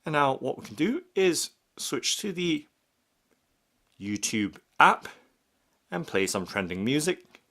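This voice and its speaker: A man narrating an unboxing and demonstration step by step, in a slow and methodical way. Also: fairly high pitch, very animated, sharp tone. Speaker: product reviewer.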